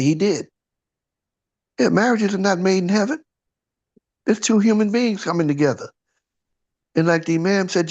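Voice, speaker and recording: Gravelly preacher guy, chatty sermon, keeps asking huh?. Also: a little high. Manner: conversational, asks "huh?" often, rhetorical questions. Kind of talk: informal sermon.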